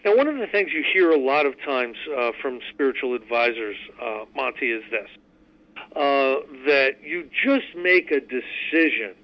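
A man's voice: medium pitch, lively intonation, normal speed. A man hosting a radio talk, speaking earnestly and emphatically about recovery, at times reading aloud. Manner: earnest, emphatic, repeats words. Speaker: radio host teaching recovery steps. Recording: muffled radio recording.

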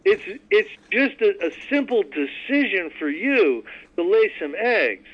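A man's voice: high voice, sing-song, a little slow, voice pushed up, full character voice. An indignant, put-upon pig from a told joke, voiced by a man, firmly setting things straight in a slightly raised voice. The audio is dull, like a radio broadcast.

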